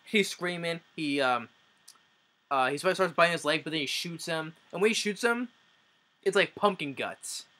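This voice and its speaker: Bright-voiced man rambling through a review. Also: a little high, animated, normal speed. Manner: rambling, with frequent restarts. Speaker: movie reviewer. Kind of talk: casual plot recap.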